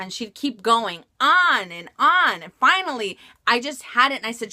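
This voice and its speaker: A woman's voice: a little high, very animated, normal speed, hardly any pauses, pushed and bright. A woman vlogger answering viewer questions about luxury bags in frank, chatty talk with frequent laughs and fillers. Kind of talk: casual Q&A vlog chat.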